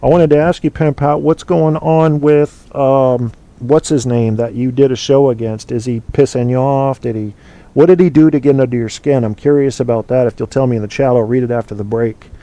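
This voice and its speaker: A man from the United States hosts a casual call-in show, rambling through his opinions in a mellow, dark, mid-range voice. His tone stays steady at a moderate pace, and he keeps things loose and chatty, filling gaps with ums and restarts.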